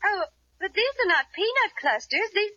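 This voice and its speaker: A woman's voice: extremely high pitch, sing-song, normal speed, pushed and bright, full character voice. An actress playing a fussy, wealthy older woman who is prim and fluttery, in 1940s radio acting. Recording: dull old radio recording.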